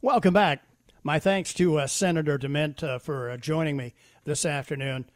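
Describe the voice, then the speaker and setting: A man's voice: fairly high pitch, normal speed, dry recording, clean studio sound. A man hosting a radio talk show, telling stories in a folksy way with many fillers and restarts. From South Carolina. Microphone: studio microphone.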